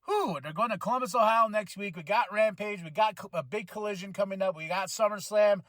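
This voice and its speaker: A man hosting a wrestling podcast, reviewing a show in an excitable, slangy way and breaking into shouts when thrilled. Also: high-pitched, a little fast, no echo. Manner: casual slangy delivery, laughs often.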